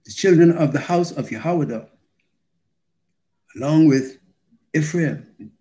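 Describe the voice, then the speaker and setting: A man delivers a sermon in a slightly raised voice, measured and unhurried. He pauses between short phrases and leans on key words for emphasis. He reads scripture aloud with deliberate weight. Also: fairly high pitch, mellow. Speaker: preacher.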